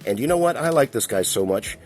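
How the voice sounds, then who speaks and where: A man's voice: mid-range voice, animated, quick pace, darkish tone, soft background music. A man casually reviewing a collectible toy, chatty and rambling, with a chuckle now and then. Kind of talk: casual toy review while handling a figure.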